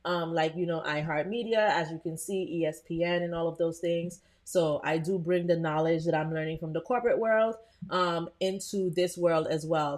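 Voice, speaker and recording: A woman hosting a live software tutorial, talking casually to her viewers with frequent "um" and "like" as she works. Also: sits low. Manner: chatty, addresses viewers as "you guys", frequent "um" and "like". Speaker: host.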